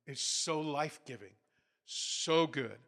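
A man preaching with a bright, forceful edge, his voice sitting a little higher than most. He tells revival stories in a loose, storytelling way and climbs to loud, emphatic peaks. He admits he is not a soft-spoken teacher. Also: slow pace. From United States. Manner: storytelling, builds to loud emphatic peaks, laughs between points. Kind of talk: sermon storytelling.

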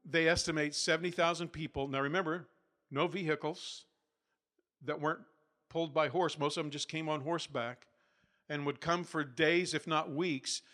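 Man, preacher, storytelling sermon, bright forceful tone, emphatic peaks. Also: a little high. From United States. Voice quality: not soft-spoken. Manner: storytelling, builds to loud emphatic peaks, laughs between points.

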